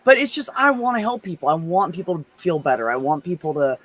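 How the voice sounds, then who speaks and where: A man's voice: fairly high pitch, very animated, fast, a bit bright. A man in a casual chat, talking animatedly and swearing freely as he tells stories. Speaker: guest.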